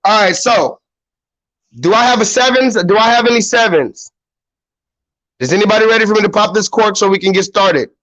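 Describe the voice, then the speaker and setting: A man's voice: sits high, animated, fairly quick, long pauses, fairly bright tone, poor audio. A man hosting his own livestream, talking loosely and with swearing straight to his viewers. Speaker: YouTube livestream host. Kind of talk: casual livestream chat.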